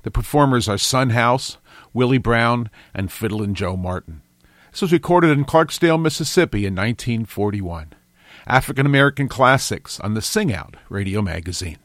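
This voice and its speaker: A man hosting a radio music magazine, presenting in a measured, even, scripted way. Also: mid-range voice, no echo. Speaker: radio host.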